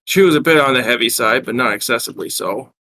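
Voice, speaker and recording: A man's voice: medium pitch, fast talker, bright, forceful tone, slight background noise. A man reading his own wry first-person fiction aloud, with small self-corrections. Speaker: writer reading his work.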